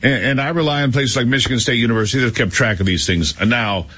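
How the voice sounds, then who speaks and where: A man's voice: mid-range voice, fast talker, pushed and bright, breathy edge. A middle-aged man co-hosting a talk radio show, chatting in a sarcastic, dismissive way. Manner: sarcastic, dismissive, mock-dramatic. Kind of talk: casual opinionated talk radio chat.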